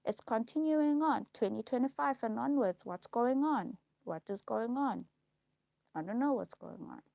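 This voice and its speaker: A woman speaking a halting, repetitive personal monologue on a live stream, slow and heavy in delivery. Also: a little high, vocal fry, dry recording, dull audio. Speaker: livestream host.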